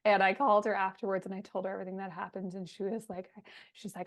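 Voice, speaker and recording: A woman podcast host telling a personal story in an emphatic, animated way over a video call. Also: medium pitch, fast talker. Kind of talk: casual storytelling.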